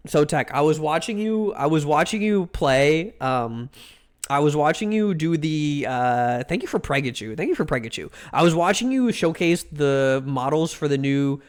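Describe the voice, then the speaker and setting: A fairly high-voiced man chats on a live stream, crude and playful. He leaps up in pitch when excited and talks into a desk mic. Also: normal speed. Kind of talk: casual chat.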